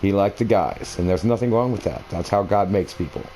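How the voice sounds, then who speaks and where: Low, dark-voiced man telling a long story. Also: brisk, slight background noise, rough recording. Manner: meandering, conversational, many fillers and restarts. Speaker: gaming video creator. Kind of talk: rambling personal storytelling over gameplay. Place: at home, playing a console game.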